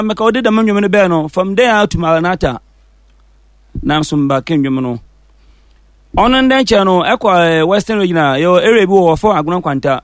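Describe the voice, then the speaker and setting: Ghanaian man with a high voice. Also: no room sound, clean studio sound. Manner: relaxed storytelling, mixing English and Fante. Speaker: musician guest. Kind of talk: casual radio interview.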